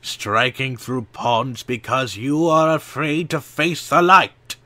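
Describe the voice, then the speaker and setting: A man's voice: medium pitch, animated, takes it slowly, pushed and bright, dry recording, exaggerated voice. A man voicing a stern old male village elder who speaks sharply and commandingly in an audiobook. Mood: defiant. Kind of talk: audiobook character voice.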